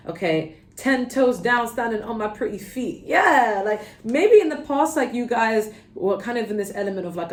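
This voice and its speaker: A woman's voice: a little high, moderate pace, hardly any pauses. London woman doing a tarot pick-a-card, chatty, keeps saying okay, bit of room echo. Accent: London English. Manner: chatty, animated, peppered with "okay?" and "like". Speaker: tarot reader. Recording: roomy echo.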